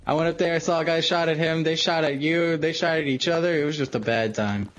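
A young man hosting a gaming video, chatting casually and playfully, breaking into sing-song chants and excited bursts. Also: on the high side, fairly quick, a little hiss or hum. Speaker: gaming channel host. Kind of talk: casual gameplay chat.

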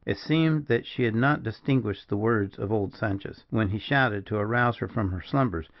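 A man reading a classic western novel aloud in a measured storytelling narration. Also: lowish voice, highs cut off. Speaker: audiobook narrator. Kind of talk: scripted narration.

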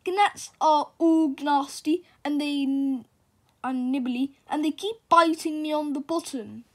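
A woman's voice: high voice, unhurried. Woman voicing a grumpy fed-up storybook cat. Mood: exasperated. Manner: exasperated complaining.

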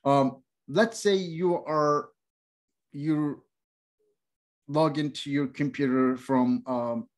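Man, non-native speaker, first language Uyghur, middle-aged, classroom lecture, slow, many fillers, halting restarts. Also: a little high, steady tone. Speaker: instructor.

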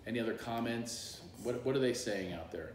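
A middle-aged man, a comedian, telling stories in casual chat on a live stream, animated and full of voices. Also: mid-range voice, brisk, a little hiss or hum. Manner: animated storyteller, does voices and bursts into song. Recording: echoey room.

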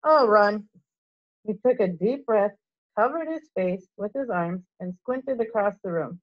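A woman teacher reading a storybook aloud to children, in a clear, steady way with small slips, in a dull lo-fi recording. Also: mid-range voice, a little slow.

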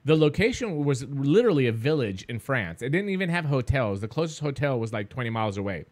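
A man with a Greek accent, co-hosting a show and telling a travel story in a lively, laughing way. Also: medium pitch, fast. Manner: animated, laughs often. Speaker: co-host. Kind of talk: casual storytelling chat. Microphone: desk mic set a little far back.

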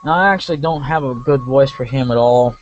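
A man casually comments while playing a game, rambling with asides, fillers and restarts. His medium-pitched voice is brisk, and the lo-fi recording is muffled with faint hiss.

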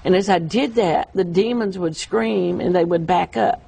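A woman telling an emotional, halting account of a vision in an interview. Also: on the low side, gravelly, warm tone, breathy edge, poor audio. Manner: emotional, halting storytelling with restarts. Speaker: guest describing a vision. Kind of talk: earnest testimony in an interview.

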